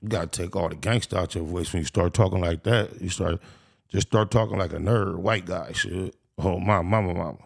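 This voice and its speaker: A man's voice: sits low, brisk, creaky. A man giving casual, profane reaction commentary, often swearing on his mama. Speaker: reaction host.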